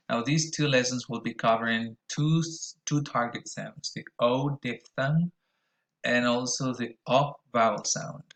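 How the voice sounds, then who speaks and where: A man's voice: mid-range voice, a bit bright, reverberant. A man teaching a recorded pronunciation lesson, explaining carefully with frequent "uh" and "um" fillers.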